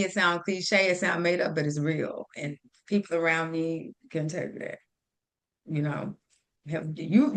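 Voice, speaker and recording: A woman guest on a faith talk show who speaks directly and acts out her pep talks with a friend in an animated way. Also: sits low. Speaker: podcast guest.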